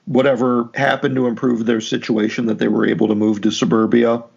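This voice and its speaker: A man co-hosting a podcast, talking through a book in a relaxed, chatty way and thinking aloud as he goes. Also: mid-range voice, a little fast, creaky, breathy edge, muffled recording. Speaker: podcast co-host. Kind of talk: casual book discussion.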